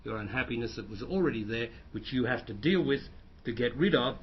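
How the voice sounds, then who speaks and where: A man's voice: mid-range voice, lively intonation, a little fast, slightly rough. A man who is a spiritual teacher, answering audience questions in a plain, explanatory way and often restarting his phrases. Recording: dull lo-fi recording.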